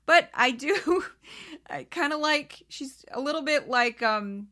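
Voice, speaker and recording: A woman's voice: sits high, animated, slow pace, pushed and bright. A woman from St. Louis with a Southern-Midwestern accent, hosting a podcast and chatting candidly about news clips. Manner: candid, chatty, laughs often, self-aware asides. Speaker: podcast host. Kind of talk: casual commentary on news clips.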